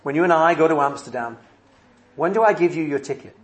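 A gentle, wise father soothes his scared little girl, speaking softly and reassuringly, as a preacher reads him out. His voice sits a little high for a man. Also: expressive, fairly quick, lightly acted.

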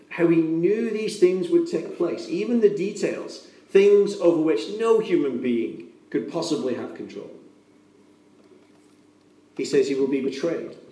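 An earnest man delivers a sermon with a warm, mellow tone, pressing his points home by repeating them. His voice sits a little high for a man and carries the echo of a large room, heard from some distance off the mic. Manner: earnest, emphatic, repeats key phrases. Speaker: preacher.

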